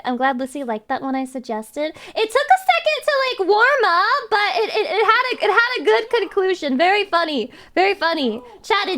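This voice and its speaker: A woman's voice: extremely high pitch, noisy background. A woman streamer chatting casually with her viewers in a rambling way, full of restarts.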